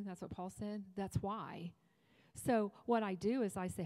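A woman's voice: medium pitch, a little slow, mellow, long reverb tail. A woman preaching at a women's retreat, talking to the crowd in a loose, joking way. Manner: conversational, humorous preaching with asides. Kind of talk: sermon. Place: church hall.

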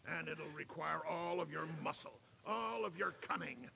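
An actor playing a gruff old military jeep drill sergeant in a video game, with a gravelly, commanding voice, heard from the game audio. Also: male voice, on the high side, normal speed, a loud crowd. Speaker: game character.

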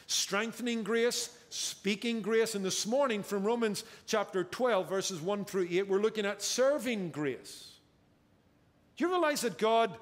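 A man preaching a sermon as pastor, emphatic and drawing out key words for effect, recorded in a church sanctuary. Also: high voice. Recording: church hall with long reverb.

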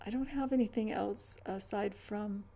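Middle-aged female vlogger, mellow gravelly tone, meandering chatty delivery with stammers. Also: mid-range voice, moderate pace. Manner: chatty, stammering restarts, trailing asides. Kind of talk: rambling casual chat.

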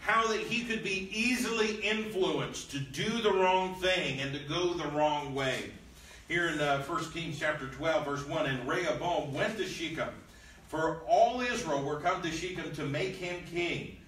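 This man leads a Bible lesson in a church room, reading out old scripture and then breaking it down in plain, casual language. His voice is on the high side and fairly bright, and he speaks unhurriedly. The mic is distant and the room echoes.

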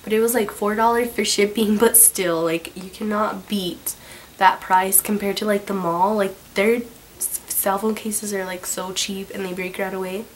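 Casting: young woman vlogger, voice a little hoarse from a cold, bubbly filler-heavy chatter, recorded on a camera with faint hiss. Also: mid-range voice, fairly even intonation, normal speed, poor audio. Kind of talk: casual haul video chat. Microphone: camera on a tripod.

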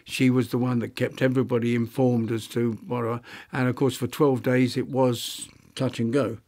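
Halting elderly man reminiscing. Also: medium pitch, level tone, darkish tone. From London, England. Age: 90s; older. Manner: halting, reflective, many restarts and fillers. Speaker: interviewee, retired architect. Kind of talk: reminiscing interview.

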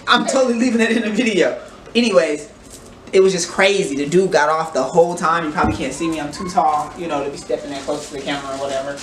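A man's voice: fairly high pitch, fast. A man hosting a casual reaction vlog, rambling and joking while putting on a playful fake accent. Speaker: vlogger host. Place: family home. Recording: echoey room, distant mic, noisy.

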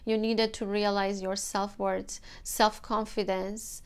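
A woman giving a tarot reading to camera, gentle and emotional, with many fillers. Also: medium pitch, flat delivery, takes it slowly, clear, resonant tone. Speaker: tarot reader.

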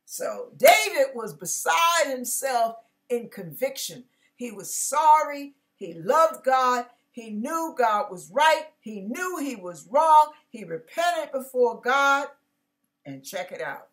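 Lively, slow-spoken woman preacher. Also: high voice. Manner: animated, acts out biblical characters with slangy asides. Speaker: pastor. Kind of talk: casual conversational sermon.

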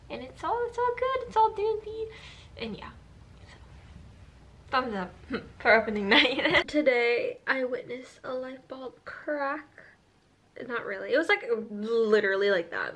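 A woman's voice: fairly high pitch, pushed and bright. A teenage girl chatting casually in a daily vlog into a handheld camera, rambling with lots of "like". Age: teens. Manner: rambling, fillers of "like", frequent giggles. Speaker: vlogger. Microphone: handheld camera held up close.

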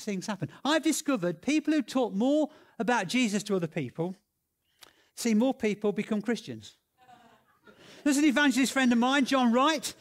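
A man telling stories in a sermon, animated and excitable, with lots of restarts and repeated words. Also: high-pitched. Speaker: preacher. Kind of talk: sermon storytelling.

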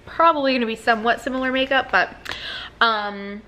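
A woman's voice: a little high, brisk, bright, forceful tone. A young adult woman vlogging at home in a chatty, upbeat way, full of likes and ums. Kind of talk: casual vlog chat to camera. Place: at home, indoors.

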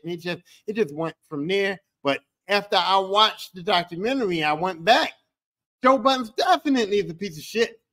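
A man rants on his own podcast at a normal speed, his high-pitched voice pushed and bright with lively intonation. The tirade is heated, full of profanity, and repetitive.

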